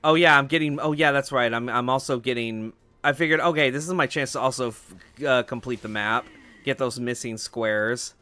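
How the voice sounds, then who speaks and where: A man's voice: mid-range voice, moderate pace, sharp tone. A young man hosting a let's play, chatting casually over gameplay with lots of fillers and swearing. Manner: rambling, swears freely, many fillers.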